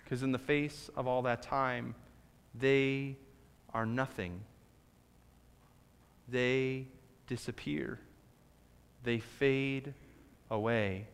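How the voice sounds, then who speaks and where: A man preaching a conversational sermon with dramatic pauses and big swings from loud to hushed. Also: mid-range voice, steady tone, clean tone. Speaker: pastor. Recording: long hall reverb.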